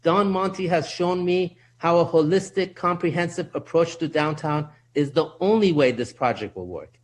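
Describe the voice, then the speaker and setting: Man at a council podium, slightly high voice, earnest and a bit winded. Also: moderate pace. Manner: earnest, repeats himself when restarting. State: slightly out of breath. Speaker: public speaker at city council. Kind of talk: prepared public comment. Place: council chamber.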